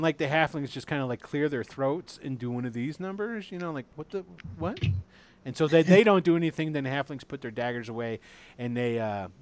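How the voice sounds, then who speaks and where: A man narrating as game master, lively and rambling with fillers. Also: medium pitch.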